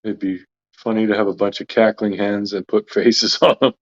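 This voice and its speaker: A man's voice: fairly low pitch, level tone, normal speed, highs cut off. A Canadian man co-hosting a casual live chat, joking and laughing often as he talks. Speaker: co-host of a live chat stream.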